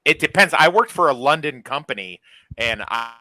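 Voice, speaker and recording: A man from Florida talking in an energetic, fast way full of fillers as a podcast co-host. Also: medium pitch, low-quality recording. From Florida, United States. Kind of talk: casual chat.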